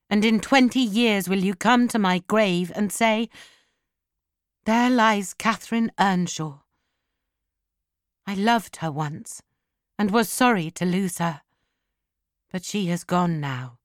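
A woman's voice: mid-range voice, no echo, clean studio sound, lightly acted. A woman reading an audiobook and voicing a dying young woman, wild, pleading and desperate.

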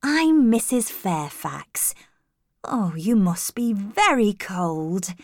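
Woman doing an old housekeeper, kind and gentle, slow, raised pitch, dry close sound. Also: sing-song, no echo, full character voice. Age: older. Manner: gentle, slow and warm-hearted. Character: older kindly grey-haired housekeeper woman. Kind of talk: storybook reading.

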